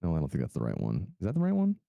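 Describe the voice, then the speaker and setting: Animated game master with a dry close mic. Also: low voice, racing, creaky, no room sound, lo-fi sound. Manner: animated, self-deprecating, repeats words while fiddling with setup. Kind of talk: casual chat before a tabletop session. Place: home streaming setup with a mixer. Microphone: streaming mic through a mixer.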